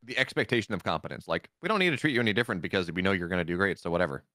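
A man's voice: deep voice, expressive, rapid-fire, bright, forceful tone, no room sound. A man esports commentator on a podcast, chiming in with dry, matter-of-fact remarks. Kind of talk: casual chat.

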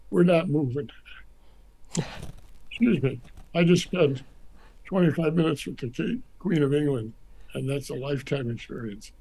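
Gravelly older man telling stories. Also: mid-range voice, low-quality recording. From United States. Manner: animated storyteller acting out quotes. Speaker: former ambassador, guest. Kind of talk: anecdotal interview storytelling.

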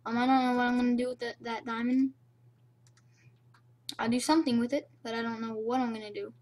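A woman's voice: steady tone, a little fast, darkish tone. Young girl rambling over a game, cheap mic. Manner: rambling, playful, self-chatting. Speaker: gamer. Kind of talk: casual game commentary. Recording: cheap low-quality mic.

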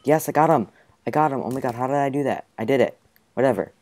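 An excitable young man talks through a game in casual commentary, bursting into exclamations. His voice sits at a middle pitch, with a faint hiss of noise behind it. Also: fast. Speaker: gaming channel host.

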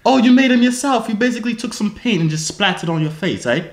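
A man's voice: high-pitched, animated, fairly quick. A man putting on an exaggerated fake British accent, ending his lines with "eh?" during a prank video chat. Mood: cocky, playful. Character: man faking a cheesy British gent. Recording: roomy echoey room.

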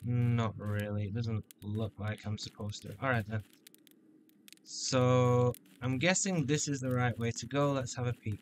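A man's voice: medium pitch, steady tone, unhurried, slight background noise. A man giving playful, joking let's-play commentary on a shooter game. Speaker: gameplay commentator.

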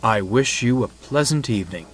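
A man voicing a deep, hoarse male engine who is formal, courteous and aloof, speaking slowly. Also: expressive, noisy background, close to an everyday voice. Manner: courtly, polite, slow formal speech.

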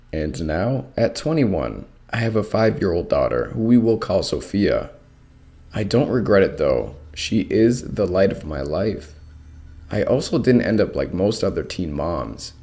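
A man reading a first-person horror story aloud with expressive narration. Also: low voice, unhurried.

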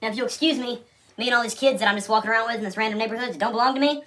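Guy putting on a snippy deer-hugging activist, fast sneery talk, swears a lot. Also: high-pitched, expressive, noisy background. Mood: mocking. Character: whiny self-righteous deer-loving activist, young adult.

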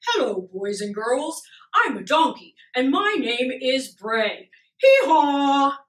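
A friendly, proud male donkey tells his story slowly and gently, breaking into loud braying hee-haws, as a woman puts him on for a puppet show. The voice sits a little high. It comes from well away from the microphone in an echoey room. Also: very animated, heavily acted. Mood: cheerful storytelling. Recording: echoey room, mic far off.

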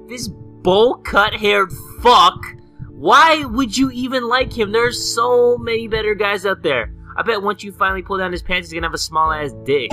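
A man with a high, bright-sounding voice rattles off crude gameplay jokes, loud and mocking and often breaking into shouts. Game music plays clearly beneath him the whole time. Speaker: gameplay commentator. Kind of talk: crude comedic let's-play commentary.

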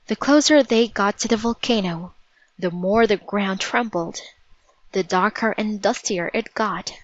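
A woman narrating a storybook in a measured, vivid read-aloud manner. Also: mid-range voice, no echo, highs cut off.

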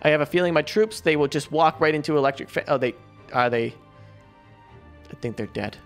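A man hosting a multiplayer game video, chatting casually and excitably with his friends. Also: fairly high pitch, brisk, soft background music. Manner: excitable, chatty, frequent laughs. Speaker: gaming channel host. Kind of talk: casual gameplay chat.

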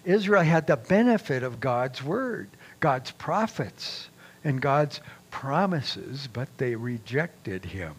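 A man preaching a sermon as pastor, reading scripture aloud with raised emphasis in a deliberate, measured way. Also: medium pitch, big pitch swings, breathy edge.

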